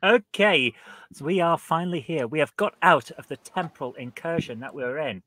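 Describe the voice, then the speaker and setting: A man's voice: on the high side, animated, moderate pace, pushed and bright, dry recording. A man hosting a playful online quiz show, with theatrical announcer flourishes and frequent laughter. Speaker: quiz host.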